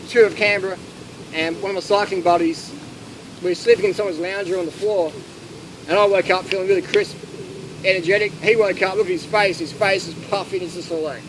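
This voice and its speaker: A man with a high, light voice chats casually through an audience Q&A, spinning lively anecdotes and voicing the people in them. The outdoor recording is full of steady background noise. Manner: anecdotal, animated, acts out quotes. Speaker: speaker answering audience questions. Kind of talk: casual Q&A talk. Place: outdoor festival.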